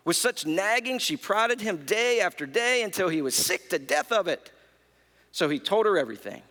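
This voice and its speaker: A man preaching a sermon as pastor, telling the story with lively storytelling and acting out the characters' lines. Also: sits high, moderate pace, in a large hall. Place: church.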